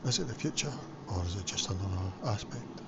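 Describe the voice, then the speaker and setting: A man's voice: low-pitched, expressive, a little fast, gravelly. A man from Scotland chatting casually on his vlog while cooking, rambling with lots of fillers. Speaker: vlogger. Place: home kitchen. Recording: lo-fi home recording with background noise.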